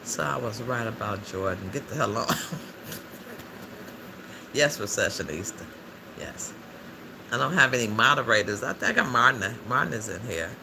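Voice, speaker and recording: A man's voice: mid-range voice, lively intonation, normal speed, vocal fry, long pauses. A man hosting a casual livestream, chatting freely and answering viewer comments aloud, laughing often. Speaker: livestream host. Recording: noisy background ambience.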